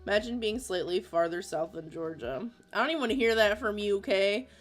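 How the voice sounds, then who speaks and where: A woman from Florida in her thirties, talking with viewers on a drawing livestream. She is chatty and giggly, and her voice sits at an ordinary pitch for a woman. Faint music plays underneath. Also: fairly quick. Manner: chatty, laughs often, reads chat aloud. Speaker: livestream artist host. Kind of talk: casual livestream chat.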